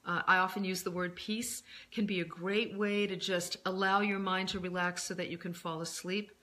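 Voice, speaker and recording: A woman author talking through self-soothing advice in a casual, gentle monologue, pausing often with fillers and restarts. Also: lowish voice, little pitch movement. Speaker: self-help author and speaker.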